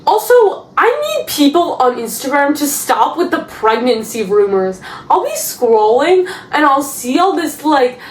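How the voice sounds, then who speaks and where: A woman recapping a TV episode in a casual, chatty vlog, animated and exasperated, slipping into mocking put-on voices. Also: high-pitched, measured pace, few pauses. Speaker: TV recap vlogger. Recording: echoey room with faint noise.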